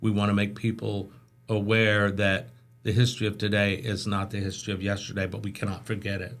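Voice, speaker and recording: A man guest on a podcast, telling stories in a chatty, animated way and acting out the voices of the people in them. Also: on the low side, fairly quick. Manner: chatty, animated storyteller who acts out voices in anecdotes. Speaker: interview guest. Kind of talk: casual storytelling.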